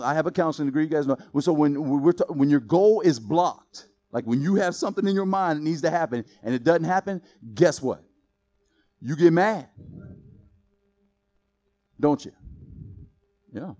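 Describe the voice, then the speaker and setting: A man preaching a sermon in a lively, joking way, quizzing the congregation with questions. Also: sits high. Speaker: pastor.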